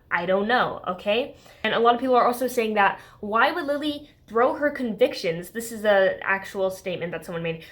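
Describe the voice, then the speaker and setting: A woman reviewing a book in a casual vlog, talking in a heated, exasperated way with lots of "like" and "okay?". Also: mid-range voice.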